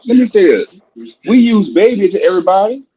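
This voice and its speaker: A man's voice: sits high, brisk, muffled recording. A man with a Southern US accent, making his point insistently in casual radio chat. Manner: insistent, animated, repeats himself.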